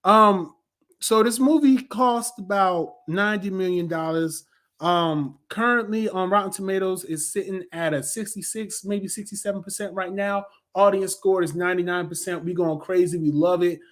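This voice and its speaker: A high-pitched man in his thirties rants happily about a film he loved, loose and slangy. He jumps into sarcastic impressions of critics and cheering crowds, then settles back into easy, rambling chat. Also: moderate pace. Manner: animated, slangy, acts out crowds and critics in mocking voices. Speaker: movie reviewer. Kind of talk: casual review talk.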